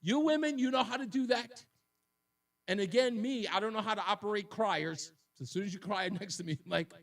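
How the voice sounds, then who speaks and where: A man's voice: sits high, animated, normal speed, fairly bright tone. A man hosting a call-in radio talk show, joking and laughing often. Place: radio studio.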